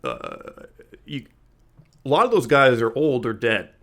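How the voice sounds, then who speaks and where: A man's voice: mid-range voice, huge pitch swings, unhurried, creaky, pushed and bright. Laid-back joking podcast co-host, a man. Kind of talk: casual comedic chat.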